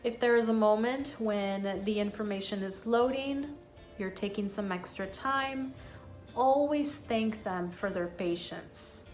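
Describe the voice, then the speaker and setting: A woman teaching an English lesson, modelling phrases slowly and clearly. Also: medium pitch, soft background music. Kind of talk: scripted lesson.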